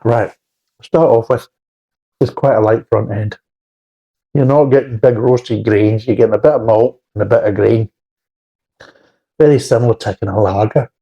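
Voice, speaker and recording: A man talks through a beer review in a blunt, rambling way, swearing freely. His voice is mellow and dark, with a husky edge. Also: fairly low pitch, normal speed, long pauses, dull audio. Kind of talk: casual spoken review.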